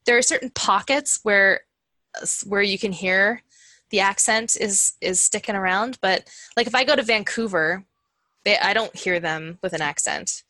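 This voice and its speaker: A woman's voice: mid-range voice, normal speed, pushed and bright, no room sound, poor audio. A woman in her forties with a Canadian accent from Ontario, chatting as a podcast guest and rambling with restarts. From Southern Ontario, Canada. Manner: rambling, restarts often, thinks aloud. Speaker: musician guest. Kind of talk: casual podcast interview.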